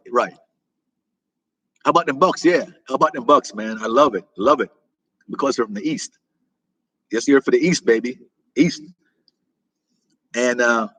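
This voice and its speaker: A man's voice: mid-range voice, fairly bright tone, slightly rough, no echo, poor audio. A middle-aged man from the United States hosting a casual live chat, rambling, repeating himself and answering viewer comments as they come in. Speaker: livestream host answering chat.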